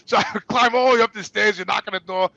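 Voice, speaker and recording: A middle-aged man with a New York accent tells stories in a raspy, gravelly voice that sits high for a man. His talk is profane and animated, turning loud when he gets worked up. The sound is dry and close. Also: fast, no echo, highs cut off. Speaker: guest. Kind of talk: casual storytelling.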